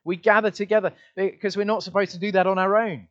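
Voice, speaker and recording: Guy preaching, fairly high voice, punchy refrains, dull lo-fi sound. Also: little pitch movement, quick pace. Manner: emphatic, repeats refrains, varies loudness widely. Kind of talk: sermon.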